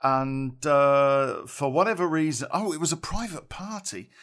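A man's voice: on the high side, measured pace, a bit bright. A middle-aged man spins a loose, rambling tale from his past in a slightly raised voice. He chuckles as he goes and peppers the telling with salty slang and casual asides. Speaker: podcast storyteller. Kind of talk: casual spoken storytelling.

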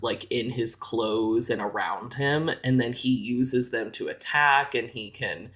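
A man co-hosting a podcast, chatting casually and explaining things at length, with lots of "like" fillers. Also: mid-range voice. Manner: explanatory, filler-heavy with frequent "like". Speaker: podcast co-host. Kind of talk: casual chat.

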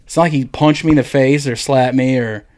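A man's voice: medium pitch, fairly even intonation, brisk, a little mellow. A man co-hosting a podcast, telling a crude story in a rambling, profane way full of "like". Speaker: podcast co-host.

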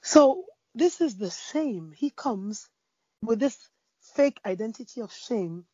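Woman preaching with expressive storytelling. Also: on the high side, slow, slightly rough, dry recording, muffled recording. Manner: storytelling, expressive, with fillers and restarts. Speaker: Christian speaker. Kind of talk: preaching in a conversation.

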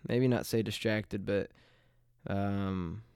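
A congested, nasal young man hosts a laid-back solo podcast, with a smooth voice despite the stuffiness. He rambles, hesitates and restarts his sentences, and he sounds close to the mic in a dry, dead room. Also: on the low side, fairly even intonation, slow, darkish tone, no room sound. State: congested from allergies. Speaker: podcast host.

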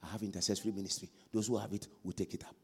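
A man preaching a sermon as pastor, swinging from quiet asides to loud shouted exhortation. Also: lowish voice, level tone, rapid-fire, breathy edge.

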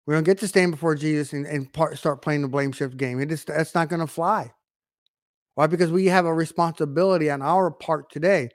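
High-voiced emphatic male preacher. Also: a little fast, no room sound, studio quality. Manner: emphatic, with rhetorical questions and swings in loudness. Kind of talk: online sermon to camera.

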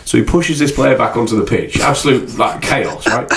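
A man co-hosting a casual football podcast, telling stories in an animated way and swearing freely. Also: medium pitch, normal speed, vocal fry, a little hiss or hum. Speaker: podcast co-host.

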